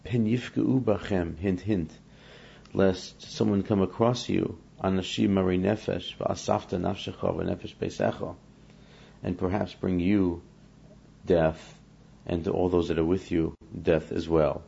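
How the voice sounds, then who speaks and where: A man's voice: low-pitched, fairly even intonation, normal speed, gravelly, dark tone, breathy edge, muffled recording. A man teaching a scripture lesson, reading Hebrew verses and explaining each one in English while acting out the speakers in the text. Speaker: Torah teacher.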